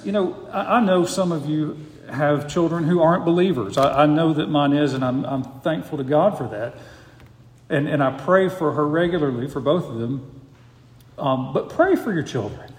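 A man preaching a sermon as pastor, earnest and emphatic, pressing his points with rhetorical questions. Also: fairly high pitch. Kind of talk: expository sermon. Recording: echoey hall with long reverb.

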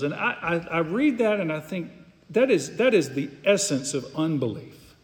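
A man's voice: fairly high pitch, lively intonation, normal speed. A pastor preaching an earnest, emphatic sermon, often repeating words as he goes. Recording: long hall reverb.

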